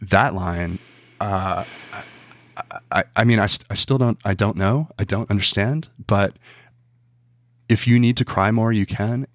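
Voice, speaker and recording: Deep-voiced journalist, thoughtful and searching. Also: male voice, a little slow, fairly bright tone, dry recording, clean studio sound. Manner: thoughtful, repeats words while searching for them. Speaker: journalist guest. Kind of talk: interview conversation.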